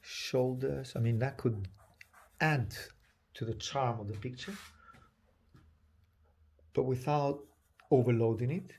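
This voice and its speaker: Man, painting lesson, gravelly low voice, dark and husky, murmurs and whispers while working. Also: fairly even intonation. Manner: soft-spoken, often drops to a whisper while painting; halting, thinking aloud with restarts. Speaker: painting teacher. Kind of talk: live painting demonstration.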